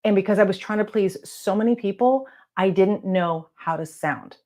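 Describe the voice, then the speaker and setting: A woman talking casually to camera from her office as a coach, blunt and encouraging, with some letters not said crisply. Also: mid-range voice, moderate pace, a little mellow. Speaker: real estate video coach. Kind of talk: casual advice talk to camera. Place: home office lit by lamps.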